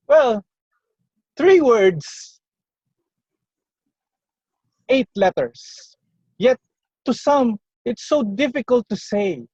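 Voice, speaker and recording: A man delivers a prepared contest speech from home, unhurried and earnest, pausing between phrases. The sound is dull and lo-fi, dry with no room echo, as if captured over an online call. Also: very high voice, animated, darkish tone, husky. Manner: slow, earnest, personal storytelling with pauses. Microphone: computer or phone mic on a video call.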